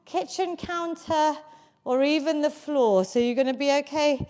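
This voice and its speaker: A woman fitness coach leads a live home workout from her basement. Her voice sits high and she takes her time, counting reps and cheering everyone on. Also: a little slow, darkish tone. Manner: encouraging, counts reps aloud. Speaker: fitness instructor.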